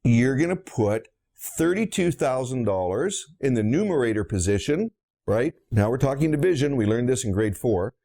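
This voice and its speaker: Lively, gravelly-voiced dentist lecturing bluntly. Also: male voice, medium pitch, normal speed. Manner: blunt, emphatic storytelling with rhetorical questions. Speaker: dentist and practice consultant. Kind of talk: lecture on practice finances.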